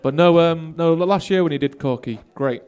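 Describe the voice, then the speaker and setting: A man's voice: a little high, fairly quick, a little mellow, smooth. A man hosting a comedy radio talk show, chatting casually and prompting his guest with questions. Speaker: host. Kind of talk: casual chat. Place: radio studio.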